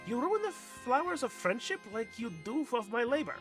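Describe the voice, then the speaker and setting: A man putting on a shrill, bossy girl. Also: very animated, normal speed, fairly bright tone, soft background music, full character voice.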